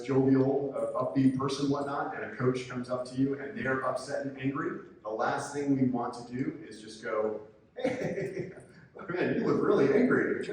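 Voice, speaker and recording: A man giving a calm, coaching conference presentation, sometimes acting out angry coaches. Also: mid-range voice. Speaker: presenter, sports official. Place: conference room. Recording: echoey hall from far off, faint noise.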